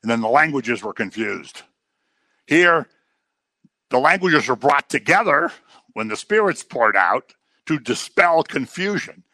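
A man preaching a sermon in a conversational, animated way, sometimes acting out the people he quotes. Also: mid-range voice, a little slow, long pauses, no echo.

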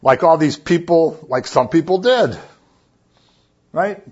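Husky-voiced man preaching casually. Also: on the high side, animated, slow, a little mellow, dull audio. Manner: conversational, asks the listeners "right?" often. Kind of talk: casual sermon.

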